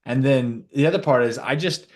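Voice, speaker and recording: A man talking as a guest on a podcast, his voice at an ordinary middle pitch. He rambles through his points in casual chat, acting out the voices of the people he quotes with animated energy. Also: brisk.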